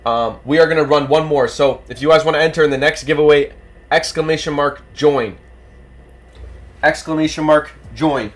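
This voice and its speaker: A livestream host who is losing his voice, calling a giveaway race with animated, rapid play-by-play. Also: fairly high pitch. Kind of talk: excited duck-race commentary on a livestream.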